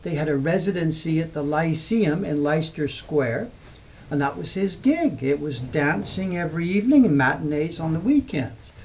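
A man's voice: on the high side, a little mellow, poor audio. A man in his seventies from England, chatting casually on a livestream, rambling through memories and answering viewer questions. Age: 70s. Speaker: livestream host. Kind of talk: casual storytelling chat.

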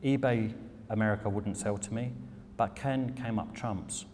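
A man's voice: on the low side, fairly even intonation, moderate pace, darkish tone. A British man giving a lecture talk about his craft, candid and irreverent, swearing casually. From England. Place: lecture hall. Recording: long hall reverb, faint noise.

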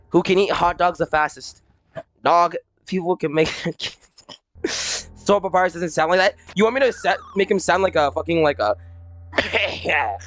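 Livestreamer, casual chat, giggly, swearing, gravelly, swooping pitch, faint music. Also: big pitch swings, measured pace, pauses often, fairly bright tone, dry recording. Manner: giggly, rambling, swears, breaks into silly voices. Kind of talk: casual stream chat, reading chat aloud.

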